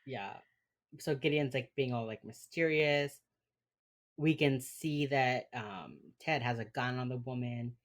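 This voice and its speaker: A woman with a Miami Cuban-American accent and a very deep voice co-hosts a podcast in loose, casual chat. She talks in a laid-back way, with lots of fillers and swearing. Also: a little slow. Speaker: podcast co-host. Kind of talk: casual chat recapping an episode.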